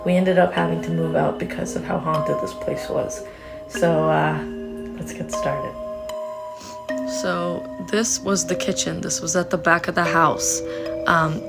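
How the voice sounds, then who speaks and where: A woman's voice: on the low side, gravelly. A young woman from Canada casually telling a ghost story while walking through a house, chatty and full of filler words.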